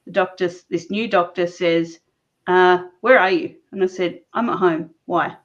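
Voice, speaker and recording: A woman's voice: fairly low pitch, measured pace. Woman telling her story, muffled sound. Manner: animated, laughs often mid-sentence. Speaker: interview guest. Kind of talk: personal storytelling in conversation. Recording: dull lo-fi recording.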